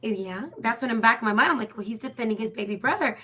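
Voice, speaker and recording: A woman's voice: a little high, fast talker, over a noisy crowd. A woman co-hosting a casual chat show, telling family stories and acting out the dialogue. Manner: animated storyteller, acts out dialogue. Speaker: co-host.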